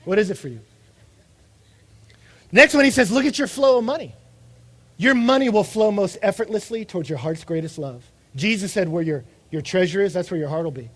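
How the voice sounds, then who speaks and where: A man preaching a sermon in an animated way, acting out the voices of the people he quotes. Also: high-pitched, brisk. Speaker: pastor.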